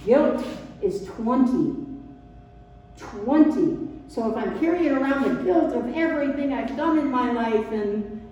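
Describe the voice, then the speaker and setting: A woman leading a non-religious sermon, speaking slowly and emphatically and repeating key phrases. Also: a little high, darkish tone. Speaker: service leader. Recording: echoey hall, distant dull mic.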